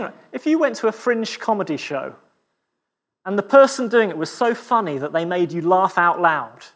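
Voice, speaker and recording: A middle-aged man, preaching in a fairly high voice. He speaks with lively, stumbling energy, repeating words as he restarts his sentences. He drops into a quiet, earnest prayer at the close. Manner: animated, stumbling restarts, dropping to a hushed prayer. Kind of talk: sermon.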